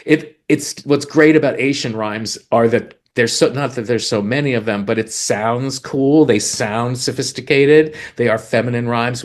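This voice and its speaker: A man co-hosting a chat about songwriting, eagerly explaining craft and reading lyrics aloud with rhythm. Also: fairly low pitch. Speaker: podcast co-host, lyricist.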